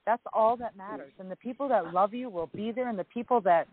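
A woman's voice: mid-range voice, brisk, slightly rough. A woman calling in to a live talk show, talking bluntly and with emphasis. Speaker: caller. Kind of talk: casual call-in talk. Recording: dry tinny phone line.

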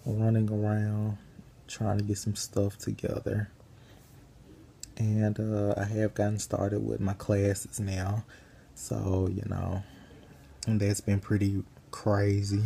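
A tired young man chatting loosely to camera while lying in bed, his low voice gravelly and mellow. He rambles at an easy, unhurried pace. A faint hiss sits under the recording. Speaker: vlogger. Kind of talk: casual chat.

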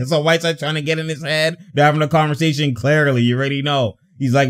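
A young man giving casual, slangy reaction commentary over a basketball game, laughing often and getting excited. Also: a little high, measured pace.

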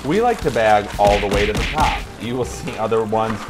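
A man's voice: on the low side, expressive, fairly quick, music in the background. A man showing how to bag popcorn while coaching acting, talking casually and laughing often in a popcorn shop. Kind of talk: casual hands-on demonstration.

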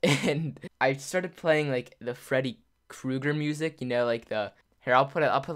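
A man's voice: mid-range voice, normal speed, hardly any pauses, fairly bright tone, smooth. Rambling young man telling a story. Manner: rambling, full of "like", laughs often. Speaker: YouTuber. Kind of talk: casual storytelling to camera.

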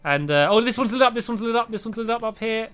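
Bright, lively man, casual co-op gamer, high and bouncy voice. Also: fast talker, clear, resonant tone. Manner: excitable, chatty, laughs often. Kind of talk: casual gameplay chat.

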